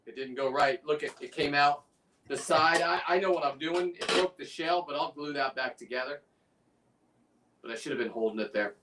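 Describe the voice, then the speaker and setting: A man's voice: fairly high pitch, moderate pace, recorded from a distance, noisy background. A man in casual chat, rambling and talking through a demonstration as he works. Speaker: guest on a fishing livestream, lobster preparer. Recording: away from the mic.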